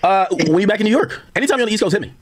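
A man giving rambling, excitable live-stream commentary, full of asides and quoted conversations. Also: high-pitched, very fast, dry recording. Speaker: livestream commentator.

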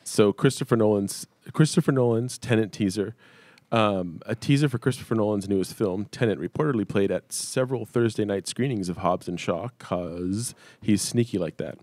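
A man's voice: fairly low pitch, normal speed, a little mellow, no room sound. A man guesting on a casual podcast, blunt and sarcastic. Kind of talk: casual chat.

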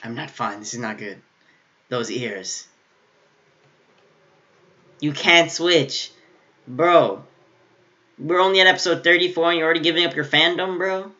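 A man hosting an anime reaction video, excitable and laughing as he talks back to the screen in casual commentary. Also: a little high, measured pace, long pauses, highs cut off. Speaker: anime reaction channel host.

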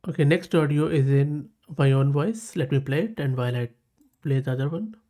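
A man with a South Asian English accent walks through a tech tutorial in a casual, enthusiastic way, often repeating his praise. His voice sits a little on the high side. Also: fairly quick, dark tone. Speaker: tech channel host. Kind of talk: casual screen-recorded tutorial.

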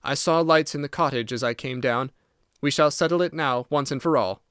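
A man's voice: mid-range voice, brisk, a bit bright, clean tone, no echo, clean studio sound, lightly acted. A man reading the part of an agitated, determined husband in an audiobook, urgent and stern. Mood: tense, determined.

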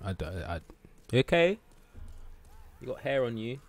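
A man streaming a video game live, chatting casually, swearing, shouting at the game and teasing his cat. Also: mid-range voice, big pitch swings, unhurried, long pauses.

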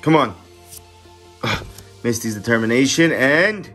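A man's voice: fairly high pitch, normal speed, music in the background. A man hosting a casual card-unboxing vlog, talking eagerly and chatting straight to his viewers. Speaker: card-opening channel host.

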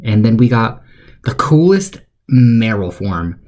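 A young man giving deadpan, sarcastic commentary for a joke video, rambling with fillers. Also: on the low side, takes it slowly. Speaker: YouTuber.

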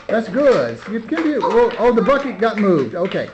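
A man with a high-pitched, very animated voice, talking at a normal speed, runs a rehearsal of a children's home play while filming it. He narrates and coaxes the kids along, repeating encouraging praise with patience. The handheld camera mic gives slightly dull lo-fi sound with faint noise.

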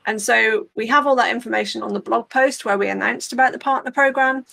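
A woman on a panel walking through practical steps in a clear, conversational way. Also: fairly high pitch, fairly quick, sharp tone, dry recording. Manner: clear, practical, step-by-step explaining. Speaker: open source community leader.

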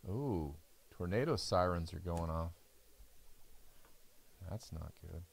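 A tired man hosts a live card break, chatting loosely as he calls out each card. His voice sits a little low, with a gravelly, creaky edge. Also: takes it slowly. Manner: chatty, reads out card names as he opens packs. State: tired and yawning. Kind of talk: casual live stream commentary.

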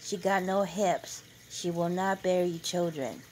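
A woman's voice: lowish voice, unhurried, a little mellow, slight background noise, lightly acted, rough recording. A woman reading aloud, voicing a proud and bossy older mother who boasts about her son. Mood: scolding. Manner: boastful, emphatic.

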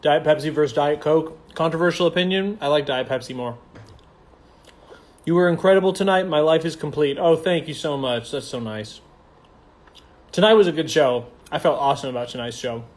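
A man's voice: on the high side, brisk. A young man casually chatting on a phone livestream, reading comments aloud in a playful, campy, slangy way. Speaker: stage actor hosting a livestream.

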